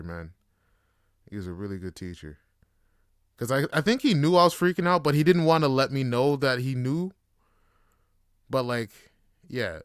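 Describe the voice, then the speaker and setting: A young adult man hosting a podcast, telling a story in a casual, slangy, profane way. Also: medium pitch. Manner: laid-back, slangy and profane. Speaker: podcast host.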